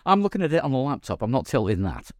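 Chatty podcast host, lively voice. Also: male voice, medium pitch, no room sound, clean studio sound. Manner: halting, with frequent ums and restarts. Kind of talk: casual chat.

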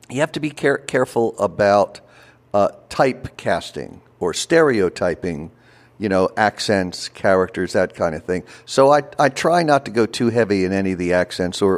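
Animated storytelling man in an interview. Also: on the low side, moderate pace. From Baltimore, USA. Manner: lively anecdotes, acting out quoted voices. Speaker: guest, voice performer and recording artist.

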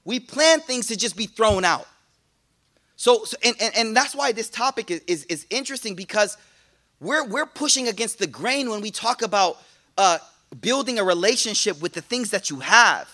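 Man, Islamic teacher, high voice, bright tone, casual slangy preaching, lots of restarts. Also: normal speed. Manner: animated, playful preaching. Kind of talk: lively religious talk to a congregation.

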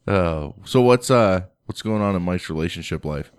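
A man's voice: sits low, expressive, normal speed, smooth, no echo, studio quality. A young man co-hosting a podcast, giving blunt, profane opinions in casual crude banter. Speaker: podcast co-host.

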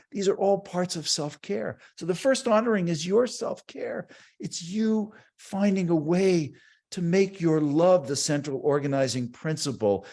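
Earnest, reflective man giving a talk. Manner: slow, reflective and earnest, dropping low for quiet moments. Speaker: speaker on grief and self-care. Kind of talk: conference talk.

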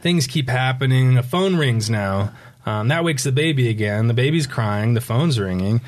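Man walking a listener through a storybook; relaxed, easy laughs, slow guided breathing cues. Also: medium pitch. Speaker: children's book presenter. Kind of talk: reading a picture book aloud in a conversation.

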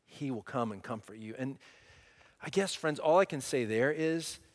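A male pastor preaching conversationally, often restarting phrases, swinging between loud emphasis and quiet, soft moments. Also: mid-range voice, moderate pace, long reverb tail. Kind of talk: sermon.

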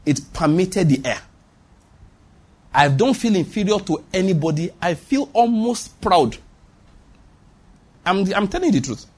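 A man's voice: high voice, sing-song, unhurried, long pauses, a little mellow. A Nigerian man preaching a sermon with a Nigerian accent, emphatic and repetitive, calling on the congregation to respond. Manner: emphatic, repeats lines for stress, calls on the congregation.

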